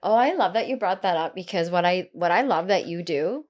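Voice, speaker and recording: Lebhafte Frau im lockeren Podcastgespräch. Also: female voice, on the low side, a little fast. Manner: candid, animated storytelling with casual swearing. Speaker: podcast co-host. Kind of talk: casual chat.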